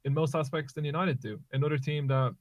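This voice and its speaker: A man co-hosting a casual football podcast, bantering quickly and getting animated as he tells stories. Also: a little high, no room sound. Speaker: podcast co-host.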